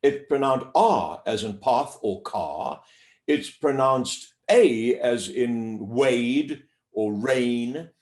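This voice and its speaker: A man working as a voice coach, explaining pronunciation in an interview with a clear, deliberate teacher's delivery and drawing out sounds to demonstrate them. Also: medium pitch. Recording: echoey room.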